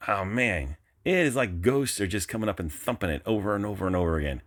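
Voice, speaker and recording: A man's voice: lowish voice, animated, quick pace, few pauses, a bit bright. A man giving live, frustrated self-talk as he flies a drone, exclaiming often. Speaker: drone hobbyist vlogger. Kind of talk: live commentary while flying.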